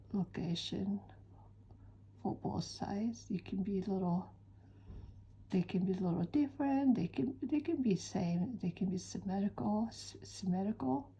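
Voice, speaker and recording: Soft-spoken slow woman teaching drawing. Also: mid-range voice, breathy edge, lo-fi sound. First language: Japanese. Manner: soft-spoken, slow, often drops to a near whisper. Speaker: certified drawing-art teacher. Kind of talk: calm step-by-step drawing tutorial.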